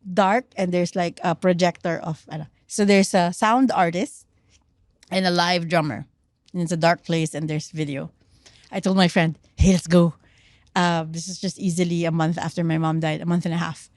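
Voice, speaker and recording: Animated Filipino woman telling a story. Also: on the low side, normal speed, no room sound, studio quality. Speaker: podcast guest, trauma researcher. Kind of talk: casual podcast chat.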